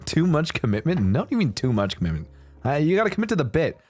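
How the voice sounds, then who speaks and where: A man's voice: on the high side, wildly swooping pitch, normal speed, long pauses, a little mellow, breathy edge, soft background music. A young man chatting casually on a livestream. He laughs often and swears freely. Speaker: streamer.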